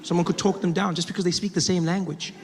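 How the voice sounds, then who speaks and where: A man's voice: high-pitched, level tone, fast talker. A male stand-up comedian telling a story in a conversational, self-deprecating way, often stopping to restart a sentence. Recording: reverberant live hall with audience noise.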